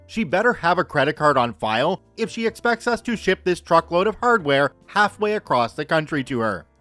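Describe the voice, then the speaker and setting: A man's voice: a little high, a bit bright, no room sound. A man reading a scripted story aloud with a dry, wry storytelling manner, close to the mic. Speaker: story narrator.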